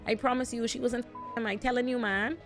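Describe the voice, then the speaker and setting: A woman's voice: on the high side, steady tone, fairly quick, fairly bright tone, faint music behind, voice pushed up, close to an everyday voice. A woman voicing a young queen who pleads with her father in a whiny tone. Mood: pleading.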